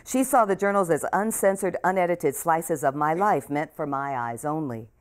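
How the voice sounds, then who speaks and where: Low-voiced older woman reading her memoir. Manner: warm, emotional, speaks softly and trails off. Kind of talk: author talk and book reading. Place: bookstore event room.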